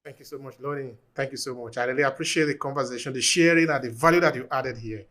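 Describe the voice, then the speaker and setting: A male podcast host asking measured, polite questions and closing the show. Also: mid-range voice, steady tone, fairly bright tone. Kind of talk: interview questions and show outro.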